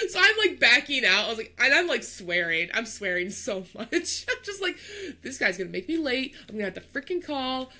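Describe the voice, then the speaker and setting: Young woman podcast co-host, bright tone, animated storyteller. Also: a little high, a little fast, hardly any pauses. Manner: animated storyteller, acts out voices, laughs. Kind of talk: casual storytelling chat.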